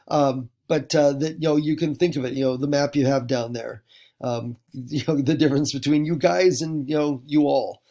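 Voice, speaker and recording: A man's voice: medium pitch, fairly even intonation, normal speed, mellow. A man from the United States, teaching a recorded lesson in a rambling way with many fillers and restarts. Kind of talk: recorded classroom lecture.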